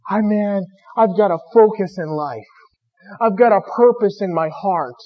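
A man preaching a sermon with fervor, his voice swinging between loud appeals and hushed pleas. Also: sits high. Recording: dull lo-fi recording.

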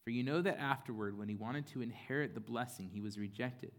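A male pastor preaching in a relaxed, chatty way, full of "like" and "you know." His pitch sits in an ordinary middle range, neither deep nor high. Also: fairly quick. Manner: casual, conversational preaching with fillers and playful acted-out voices. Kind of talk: sermon.

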